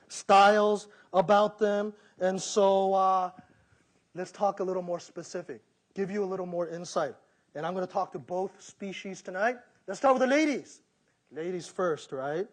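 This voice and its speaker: A middle-aged pastor delivers a lively sermon in a fairly high voice for a man. He talks straight to his listeners and acts out the voices he quotes. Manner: animated preaching, acting out quoted voices.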